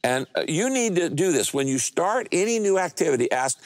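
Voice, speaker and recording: A male pastor preaching a sermon. He speaks emphatically, often quizzing the congregation, and shifts his pitch and pace for effect. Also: big pitch swings, moderate pace, hardly any pauses, no echo, clean studio sound. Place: church stage speaking to several campuses.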